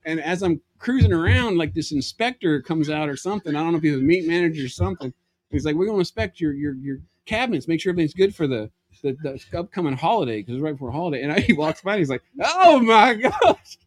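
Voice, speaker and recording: Animated man telling a comic story. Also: fairly high pitch, fast, no room sound. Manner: animated, acts out voices, laughs through the telling. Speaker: podcast guest.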